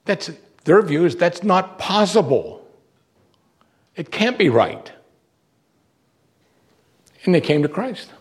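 A man preaching a sermon, earnest and emphatic, pushing his voice up on key words. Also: medium pitch.

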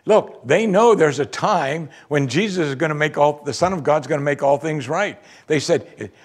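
A man preaching a sermon, teaching through a Bible passage with lively asides and questions to the audience. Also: a little high, moderate pace.

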